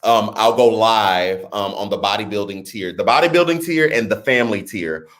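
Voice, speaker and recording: A man hosting a casual livestream, reading viewer comments and chatting with his audience in an animated, talkative way. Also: lowish voice, normal speed. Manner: chatty, animated, talks straight to his chat. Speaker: livestream host.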